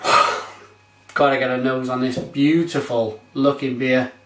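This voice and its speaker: A man's voice: medium pitch, level tone, slow, a bit bright, reverberant, slight background noise. A man reviewing beer on his vlog, gushing and exclamatory as he describes it.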